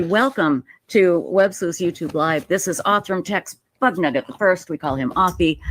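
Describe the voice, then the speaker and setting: A woman's voice: sits low, dry recording. A woman hosting a live stream, chatting expressively and laughing often. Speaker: livestream host. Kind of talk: casual live-stream chat.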